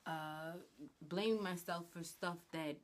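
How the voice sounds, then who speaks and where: Woman vlogging a storytime, low-ish voice, casual and blunt, cusses a lot. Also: slow. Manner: blunt, slangy, swears a lot, animated retelling. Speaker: vlogger telling a personal story.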